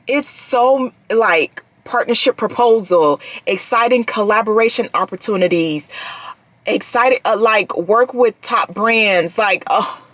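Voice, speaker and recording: A woman's voice: mid-range voice, measured pace, fairly bright tone, dry recording. A woman in her thirties, a vlogger chatting casually to her viewers, often addressing them as "y'all" and trailing off mid-thought. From United States. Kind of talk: casual vlog chat.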